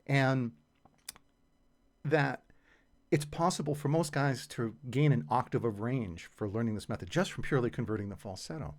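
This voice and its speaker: A man's voice: medium pitch, normal speed. A man teaching singing, explaining technique in a patient, conversational way with casual fillers. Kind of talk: explanatory voice lesson.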